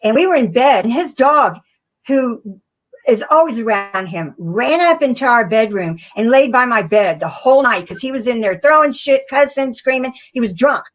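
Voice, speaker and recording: A woman's voice: fairly high pitch, animated, normal speed. Middle-aged woman on muffled lo-fi audio. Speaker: guest. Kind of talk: casual call interview.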